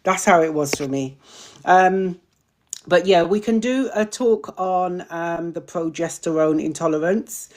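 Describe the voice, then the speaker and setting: A woman's voice: on the low side, a little slow. A woman hosting a live online community chat, answering viewers' questions in a chatty way and tripping over long words. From Britain.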